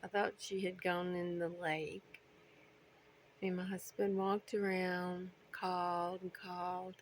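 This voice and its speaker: A middle-aged woman, a bird owner, chatting casually to her pet birds in cooing baby talk with soft whispered asides. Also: fairly low pitch, little pitch movement, slow pace, slight background noise.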